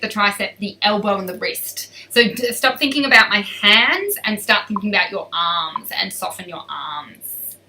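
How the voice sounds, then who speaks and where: A woman's voice: medium pitch, sharp tone, distant mic, slight background noise, rough recording. A woman riding coach hosting a live stream, chatty and upbeat as she reads out and answers viewer questions.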